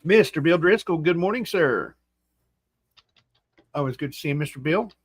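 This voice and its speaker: A man's voice: a little high, animated, normal speed, slightly rough, no echo. A man with a West Virginian accent hosting a casual livestream, greeting viewers by name with a groggy morning voice. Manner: folksy, reads out and greets chat names. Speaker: livestream host. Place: home room.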